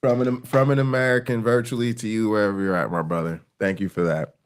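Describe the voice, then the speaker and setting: A man hosting a casual reaction livestream, profane and animated, who swings from low murmurs to excited, laughing rants. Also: fast talker, a little hiss or hum. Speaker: streamer host.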